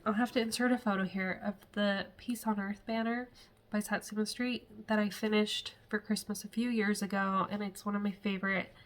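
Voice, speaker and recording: A woman's voice: medium pitch, fairly bright tone. A woman chatting casually to camera at home as a cross-stitch vlogger, rambling with frequent laughs and asides.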